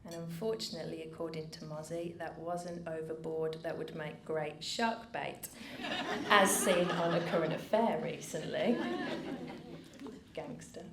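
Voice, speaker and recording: A middle-aged woman giving a personal speech from a stage, earnest and measured with dry asides. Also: low-pitched, fairly even intonation. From United Kingdom. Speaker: founder giving a keynote speech. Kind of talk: personal story told from a stage. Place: event venue with a live audience. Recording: roomy venue, faint background noise.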